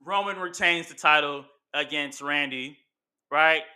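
A man's voice: a little high, a little slow, bright, forceful tone, smooth. A man hosting casual commentary, rambling through his ideas with lots of fillers and restarts. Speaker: wrestling commentary host.

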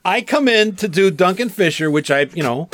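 A man's voice: high-pitched, normal speed, slight background noise. A male voice actor, a guest on a podcast, telling stories casually and acting out the people he quotes. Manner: animated storyteller, acts out quotes. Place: outdoors, with gnats around.

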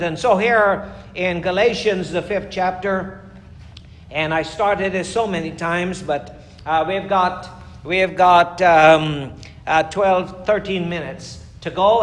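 A man preaching a fervent sermon as pastor, emphatic, with sudden rises and slowed, stressed lines. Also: high voice. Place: church. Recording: echoey church room.

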